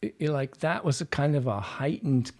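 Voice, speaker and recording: A man's voice: mid-range voice, lively intonation, moderate pace, darkish tone. Man patiently explaining accents as a coach. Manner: patient, explanatory, demonstrates sounds aloud. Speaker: dialect coach. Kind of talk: interview guest explaining accents.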